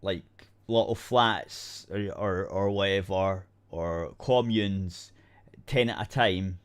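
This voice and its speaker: Low-voiced man ranting bluntly. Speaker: podcast co-host. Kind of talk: casual chat.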